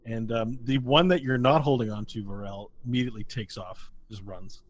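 A man's voice: medium pitch, moderate pace. A man narrating as game master of a tabletop game, rambling with frequent restarts. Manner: rambling, restarts often, laughs along.

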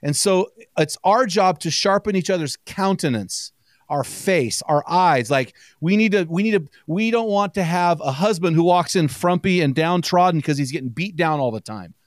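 A man guesting on a podcast, telling stories quickly with plenty of energy and laughter in a casual chat. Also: high-pitched, no echo, studio quality. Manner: energetic storyteller, quick and chatty, laughs often.

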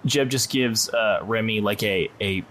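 A man playing a tabletop game, telling his character's moves in a relaxed, hesitant way. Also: fairly low pitch, unhurried, slight background noise. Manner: relaxed, hesitant storytelling with fillers. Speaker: player. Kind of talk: tabletop game role-play.

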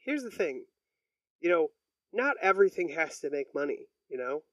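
Podcast co-host, man, high voice, rambling and foul-mouthed, a bit off-mic. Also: sing-song, moderate pace, no echo, distant mic, rough recording. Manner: rambling, swears a lot, acts out quoted people. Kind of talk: casual profane chat.

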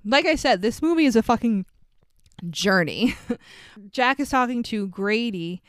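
A woman's voice: fairly high pitch, animated, a little slow, clear, resonant tone, no echo, studio quality. A woman co-hosting a podcast, recapping a movie in a chatty, swearing, laughing way. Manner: chatty, swears, laughs often, acts out quotes. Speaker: podcast co-host.

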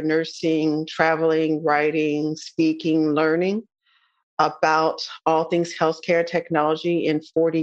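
A woman speaking as a guest in a podcast interview, enthusiastic and conversational, slowing down to stress key words. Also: low voice, highs cut off. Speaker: interview guest, nurse informatics specialist.

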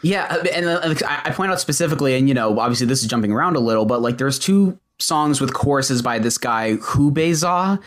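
A man's voice: mid-range voice, lively intonation, fairly quick, hardly any pauses, fairly bright tone. A man co-hosting a podcast, reviewing an album in rambling casual talk full of restarts and dry jokes. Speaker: podcast co-host.

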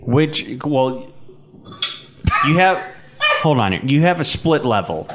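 A man's voice: mid-range voice, very animated, takes it slowly, noisy background. A man co-hosting a podcast, answering in a casual chat with a dry, teasing manner. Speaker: podcast co-host.

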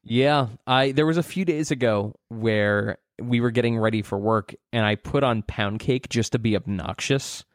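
A man's voice: mid-range voice, moderate pace, few pauses, no room sound, studio quality. A young man co-hosting a comedy podcast, self-mocking and incredulous, cursing casually between stories. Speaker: podcast co-host.

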